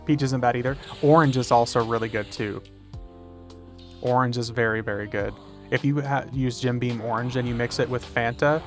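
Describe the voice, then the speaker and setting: Soft background music plays as a man streams a game live, chatting casually at a moderate pace in a mid-range voice with fairly even intonation. He's laid-back, joking, swears freely, and says "dude" a lot.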